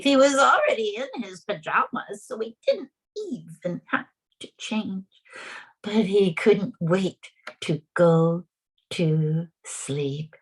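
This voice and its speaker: A woman from the United States telling a children's story with animated sound effects. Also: lowish voice, husky, poor audio.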